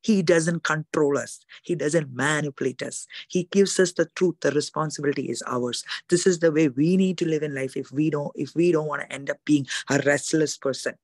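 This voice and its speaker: Gravelly-voiced woman preaching fast. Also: sits low, no echo, clean studio sound. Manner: fast, emphatic, acts out quoted voices. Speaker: preacher at a women's conference. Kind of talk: sermon.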